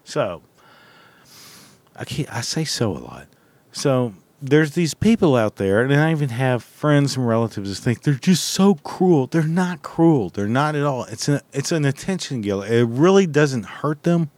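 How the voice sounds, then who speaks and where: A man's voice: mid-range voice, sing-song, measured pace, darkish tone, no room sound. A man telling a rambling story in a blunt, heavily profane, casual way.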